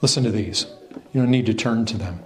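A man preaching a sermon as pastor, emphatic and animated, full of rhetorical questions and quick restarts. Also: on the low side, roomy sound, slight background noise.

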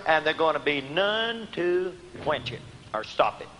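A man preaching a sermon, asking his listeners questions and answering them himself, swinging from emphatic outbursts to quiet, low asides. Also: big pitch swings, measured pace, slight background noise. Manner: rising to emphatic shouts on key words, then dropping low. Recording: long hall reverb.

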